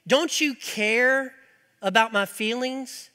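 A man's voice: extremely high pitch, slow, pushed and bright, pitched above the performer's own voice, exaggerated voice. Man voicing a desperate pleading prophet. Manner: pleading, complaining. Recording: reverberant hall.

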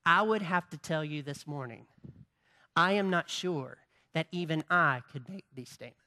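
A pastor delivers a sermon in a bright, ringing voice, pressing points home through repetition and rhetorical questions put to the congregation. The delivery climbs into forceful, emphatic stretches. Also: mid-range voice, normal speed. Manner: preaching with rising emphatic passages and repetition.

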